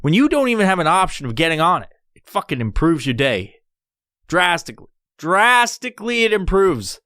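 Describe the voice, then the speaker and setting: A man's voice: fairly high pitch, brisk, no echo, studio quality. Profane, rambling man hosting a solo podcast. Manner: profane, rambling, animated storytelling. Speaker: podcast host.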